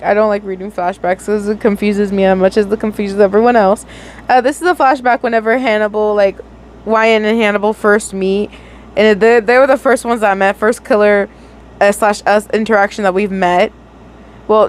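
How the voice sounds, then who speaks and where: A woman's voice: medium pitch, fairly even intonation, normal speed, a little hiss or hum, rough recording. A young woman reading fanfiction aloud casually, giggling and correcting her own slips. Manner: giggly, stumbles and corrects herself. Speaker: fanfiction reader.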